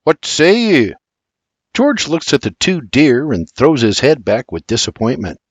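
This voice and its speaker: An older man narrating a historical audiobook in an expressive storytelling manner. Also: mid-range voice, moderate pace, husky, dry recording.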